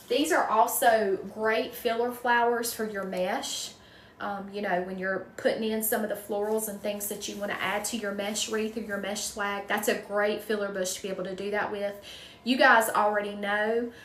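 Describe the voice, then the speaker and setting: A woman's voice: mid-range voice, a bit bright, reverberant, far from the mic, a little hiss or hum, rough recording. A woman from North Carolina with a strong Southern accent, chatting folksily with her live-stream viewers, answering questions and calling them y'all. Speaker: wreath maker hosting a live stream.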